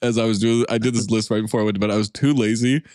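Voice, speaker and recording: A man's voice: fairly low pitch, steady tone, racing, darkish tone, no echo, studio quality. A man co-hosting a comedy podcast in casual chat, laid-back with chuckling asides. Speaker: podcast co-host.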